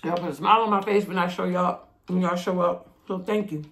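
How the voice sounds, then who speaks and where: A woman's voice: fairly low pitch, steady tone, a little fast. A woman chatting casually to viewers while she eats, laughing often. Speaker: mukbang vlogger. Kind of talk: casual eating vlog chat.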